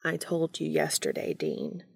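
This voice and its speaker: A woman voicing a calm, formal male creature who speaks softly to his lover, often close to a whisper. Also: sits low, a little slow, gravelly, husky, no echo, exaggerated voice. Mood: hushed, tender. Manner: soft, formal, murmuring near a whisper.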